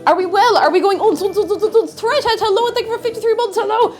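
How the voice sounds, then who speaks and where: A woman streaming live, chatting casually and bubbly, loudly greeting her chat and chanting playfully. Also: very high-pitched, fairly even intonation, a little fast, faint music behind.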